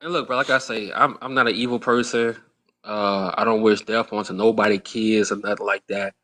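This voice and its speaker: A man's voice: fairly low pitch, steady tone, fairly quick, bright, forceful tone. A man giving blunt opinion commentary in a played clip, talking emphatically, repeating phrases and using plenty of slang.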